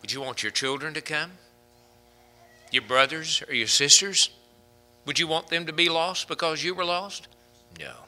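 A man's voice: fairly high pitch, moderate pace, pauses often, pushed and bright. A man preaching a sermon from the pulpit, rising to fervent, emphatic peaks as he drives his points home. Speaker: pastor.

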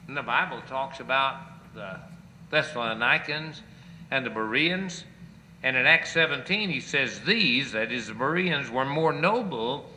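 A man's voice: mid-range voice, pushed and bright, slight background noise, rough recording. A male pastor preaching a sermon, quoting scripture with chapter and verse and pressing his listeners with rising rhetorical questions.

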